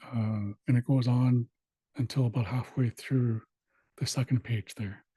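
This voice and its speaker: A man teaching an online language class, walking through old dictionaries in a plain, steady way with frequent pauses and fillers. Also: mid-range voice, breathy edge, no echo. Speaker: language instructor. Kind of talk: online class screen-share walkthrough.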